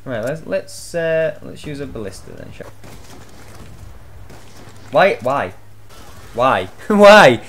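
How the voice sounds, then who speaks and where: A young man giving loud, swear-filled live commentary on his own gameplay, shouting out reactions as he plays. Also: mid-range voice, sing-song, slow pace, long pauses, a little hiss or hum. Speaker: gaming channel host.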